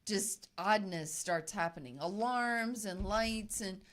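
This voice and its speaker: A woman's voice: medium pitch, slow pace, a bit bright. A woman co-hosting a podcast who teases the others and laughs often. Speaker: podcast co-host. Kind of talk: casual chat.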